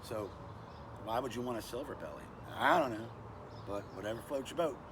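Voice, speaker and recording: Older man, casual product review host, chatty, self-deprecating, steady mid-range voice, noisy background. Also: mid-range voice, brisk. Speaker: knife review channel host.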